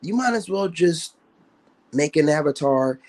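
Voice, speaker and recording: A man's voice: a little high, expressive, unhurried, a little mellow. A man ranting on his livestream in a taunting, boastful way, with slangy, profane talk. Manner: taunting, trash-talking, boastful. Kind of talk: casual livestream rant.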